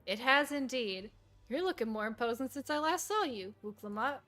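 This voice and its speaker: A woman reading as Kettenram, a calm old sailor. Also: a little high, moderate pace, faint music behind. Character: legendary old male sailor, calm and measured.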